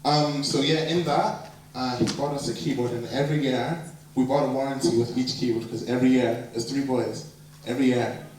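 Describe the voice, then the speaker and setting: A man in his twenties with an American-influenced accent, a producer and worship leader telling his life story in a relaxed, rambling way. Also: mid-range voice, brisk, slight background noise. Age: 20s. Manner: relaxed, rambling, lots of fillers. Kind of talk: personal life story talk. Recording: very echoey hall, distant mic, audible background.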